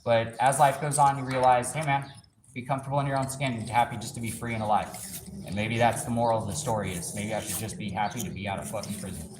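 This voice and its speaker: A man's voice: mid-range voice, quick pace. Swearing man telling a story in an echoey shop. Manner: animated, swears a lot, acts out others' lines. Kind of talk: casual profane storytelling. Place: car workshop. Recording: echoey room with faint noise.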